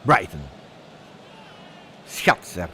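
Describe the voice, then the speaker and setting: A man commenting live on a football match, switching between muttered play-by-play and shouting at big moments. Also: extremely slow, slight background noise. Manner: excitable, shouts at big moments, drops Italian words. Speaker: football fan streamer.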